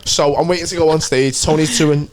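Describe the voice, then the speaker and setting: A man's voice: fairly high pitch, fairly even intonation, a little fast, over a noisy crowd. A young man, a podcast co-host and stand-up comedian, telling a story casually with lots of swearing, laughter and acted-out quotes. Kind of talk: casual chat. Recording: noisy podcast recording.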